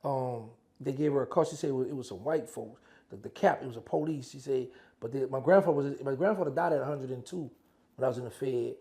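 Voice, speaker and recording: A man with a gravelly, rough-edged voice recounts his years inside in a loose, conversational way. He acts out old phone calls as back-and-forth dialogue, switching voices as he tells them. His pitch sits in an ordinary middle range. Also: fast talker, dark tone. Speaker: former prisoner telling his story. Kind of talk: casual storytelling.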